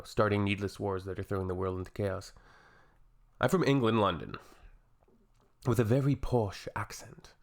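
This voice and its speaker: In a laid-back reaction video, a lowish-voiced man from Canada goes through viewer comments aloud. His replies are deadpan and sarcastic.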